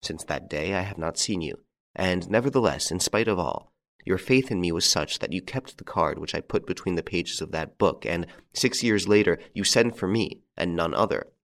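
A man playing a calm, masterful gentleman rescuer, courteous and commanding. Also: low voice, normal speed, gravelly, full character voice.

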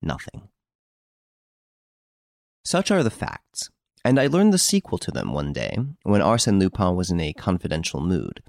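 A man narrates an old novel in a very low, deep voice, measured and formal. The reading is close-miked and dry, with no room echo. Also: very animated, creaky. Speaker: audiobook narrator. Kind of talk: scripted narration.

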